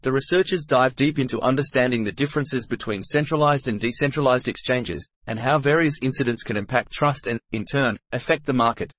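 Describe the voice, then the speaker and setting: A man's voice: mid-range voice, fairly quick, hardly any pauses, fairly bright tone, no room sound. Male podcast co-host, mid-range voice, dry and close, upbeat scripted read. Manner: upbeat, polished scripted delivery.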